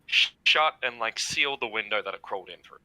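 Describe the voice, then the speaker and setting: Playful male player on a video call, sharp bright voice. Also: lowish voice, animated, fairly quick, no room sound. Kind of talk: casual tabletop play.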